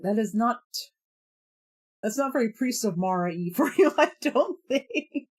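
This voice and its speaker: A woman's voice: a little high, lively intonation, unhurried, breathy edge. A woman streamer chatting casually on a live stream, rambling with lots of fillers and laughing often.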